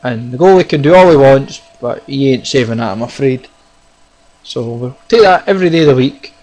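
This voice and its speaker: A man gives casual commentary over his own football video game, talking straight to his viewers. He is excitable and chatty, calling them guys and lads as the match goes on. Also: medium pitch, fairly quick, poor audio. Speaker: gaming YouTuber. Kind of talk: casual live gameplay commentary.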